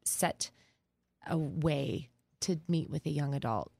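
A woman with a fairly low voice speaks in a measured, thoughtful way as a guest social worker. The recording is dry and close. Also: creaky, a little mellow, breathy edge, no echo. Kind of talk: reflective interview talk.

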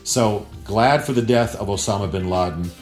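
A man giving earnest, measured spoken commentary, with many fillers and restarts. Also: lowish voice, reverberant, faint music behind.

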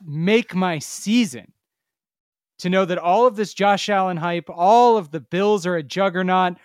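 A man's voice: high voice, measured pace, no echo, clean studio sound. A man co-hosting a casual sports podcast, emphatic and mocking, swearing freely. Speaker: podcast co-host.

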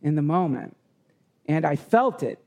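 A man with a raised pitch and a gravelly, rough edge tells a heartfelt personal story. He rambles and halts, circling back over his own words. The setting is a live retreat session. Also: lively intonation, darkish tone. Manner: rambling, halting with restarts. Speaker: podcast guest.

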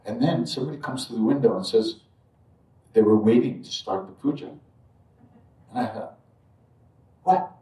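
A man telling a personal spiritual story to an audience in a reflective, halting way, with frequent asides. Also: mid-range voice, warm tone. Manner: reflective, halting, many asides like "you know" and "right". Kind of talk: live storytelling talk to an audience. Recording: roomy echo, distant mic.

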